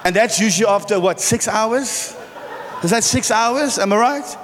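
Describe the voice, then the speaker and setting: A man's voice: high voice, moderate pace, a bit bright, a little hiss or hum. A middle-aged man from South Africa preaching a sermon in a large church, joking and quizzing the congregation. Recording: church hall reverb with faint music.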